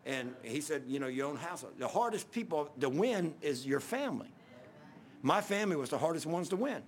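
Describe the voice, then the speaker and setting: A man's voice: fairly high pitch, very animated, brisk. A man preaching a sermon, telling a story in a casual, conversational way with many restarts.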